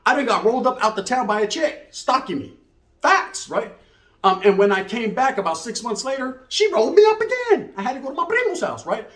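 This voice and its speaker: A man's voice: very high voice, sing-song, fairly quick, fairly bright tone. A middle-aged man, telling a comic story in streetwise slang and tagging lines with "right?". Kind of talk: comedic storytelling. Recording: roomy echo.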